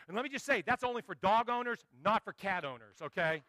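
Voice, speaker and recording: High, bright-voiced preaching man. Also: quick pace, hardly any pauses, no echo. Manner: animated storytelling preacher, jokes with the congregation. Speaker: pastor. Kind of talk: sermon.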